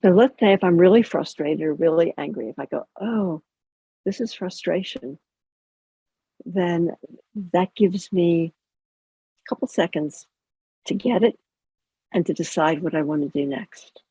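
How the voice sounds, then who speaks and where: A chaplain guides listeners through a self-compassion practice in a calm, conversational way, with touches of gentle humor. Her woman's voice is husky and slightly gravelly. The sound is dry and dull, typical of a lo-fi video call. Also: lowish voice, moderate pace, long pauses, dry recording. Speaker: chaplain and educator. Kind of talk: guided mindfulness teaching.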